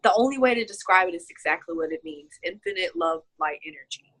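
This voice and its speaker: A woman's voice: fairly low pitch, animated, quick pace, fairly bright tone, husky, low-quality recording. A woman being interviewed about her healing, speaking heartfelt and choked up, with many fillers. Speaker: healing client. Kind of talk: casual video-call interview.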